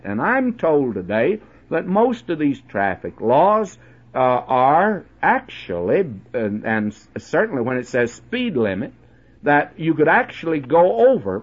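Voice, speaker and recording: A man preaching on the radio, telling a personal story in a chatty way, with many halting restarts. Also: fairly high pitch, husky. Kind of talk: folksy sermon with personal anecdote. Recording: dull lo-fi old radio recording.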